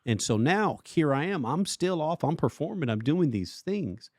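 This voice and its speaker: A man co-hosting a church podcast, telling his own story in animated casual chat and acting out his past lines. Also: a little high, normal speed, dry recording, clean studio sound. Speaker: worship pastor and podcast co-host.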